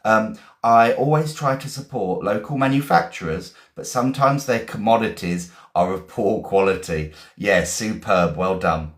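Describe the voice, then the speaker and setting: A man's voice: on the low side, normal speed, hardly any pauses. Encouraging male teacher, echoey room. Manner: encouraging, reads out viewers' sentences. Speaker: English teacher. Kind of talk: live-stream vocabulary lesson.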